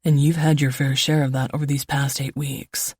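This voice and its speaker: A woman narrator voicing a protective, commanding man in a calm, firm tone, close to her own low voice. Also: moderate pace, slightly rough, dry recording. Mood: firm caring.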